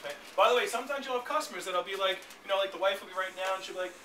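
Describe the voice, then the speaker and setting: A man teaching a sales training class, talking briskly and checking in with his listeners again and again. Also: sits high, sharp tone. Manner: brisk, keeps checking in with the room. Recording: echoey, distant, noisy room recording.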